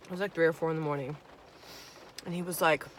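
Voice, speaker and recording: A woman's voice: deep voice, fast, slight background noise. Chatty profane young woman vlogger. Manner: chatty, profane, animated storyteller acting out friends' lines. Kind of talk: casual storytime while eating.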